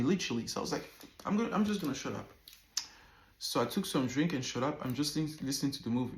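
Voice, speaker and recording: A man in his thirties telling a personal story to camera in a casual, animated way, often repeating words and swearing freely. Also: a little high, reverberant. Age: 30s. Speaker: vlogger.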